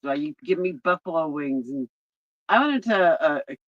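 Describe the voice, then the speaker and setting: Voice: medium pitch, moderate pace, dry recording. A person chatting casually, tossing in short dry comments. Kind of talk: casual chat. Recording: dry, dull lo-fi sound.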